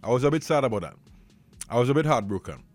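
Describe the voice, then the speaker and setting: A man with a Trinidadian accent, hosting a radio show with casual chat and live ad reads, animated and excitable. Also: mid-range voice, quick pace, faint music behind. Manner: animated, excitable, slips into dialect rants. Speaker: radio host.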